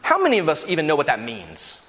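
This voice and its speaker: High-voiced preaching pastor in a reverberant church. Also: male voice, wildly swooping pitch, fast talker, fairly bright tone. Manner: earnest, rising to emphatic preaching with playful asides. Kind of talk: sermon. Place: church sanctuary. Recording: long hall reverb.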